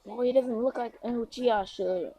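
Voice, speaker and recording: Woman reading a blunt, dismissive father in a fan story; low-key delivery, husky tone. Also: normal speed, mellow, faint music behind. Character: stern father, grown man, cold and dismissive.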